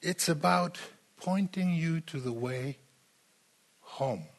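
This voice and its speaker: A man preaching a sermon in a slow, emphatic way, repeating phrases as he builds his point. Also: on the high side.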